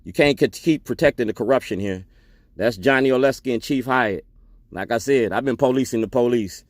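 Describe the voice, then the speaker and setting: A man's voice: mid-range voice, a little fast, no room sound, clean studio sound. A man giving a defiant public testimony as an activist, repeating himself and calling people out. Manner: defiant, declaiming, repetitive.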